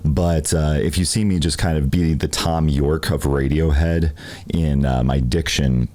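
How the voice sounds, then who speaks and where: A man's voice: extremely low pitch, fairly even intonation, measured pace, dark tone. A man hosting a live-stream masterclass, talking in a rambling, filler-heavy way and laughing easily. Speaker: stream team host.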